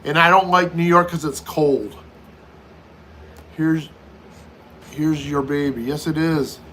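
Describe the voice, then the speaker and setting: Middle-aged man, livestream host, reads and answers chat comments; slightly high, bright, forceful voice. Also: fairly even intonation, slow, slight background noise. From United States. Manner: reads viewer comments aloud and answers each one.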